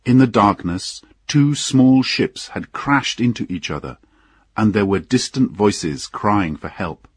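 Slow raspy male storyteller. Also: fairly low pitch, dry recording, studio quality. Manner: unhurried, expressive storytelling. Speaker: narrator. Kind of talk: scripted audiobook narration.

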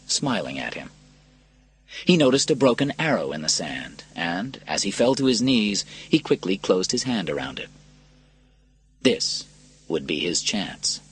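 A man reads an adventure story aloud with a husky, low voice. He swings his pitch widely to dramatize the action. Faint music plays underneath. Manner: dramatic, lively reading. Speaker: narrator. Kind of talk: scripted storybook narration.

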